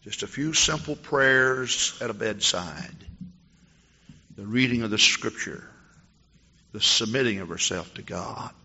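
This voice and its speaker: A male pastor preaching a testimony sermon, telling a story with animated storytelling and acting out the dialogue. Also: fairly low pitch, measured pace, long pauses, breathy edge, big-room sound, muffled recording.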